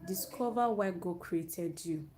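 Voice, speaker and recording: A youth speaker, a woman with a low-leaning, darkish voice, unhurriedly delivers an earnest, motivational faith talk to young people over her own network's live stream. She often restarts her phrases, and a little hiss or hum can be heard.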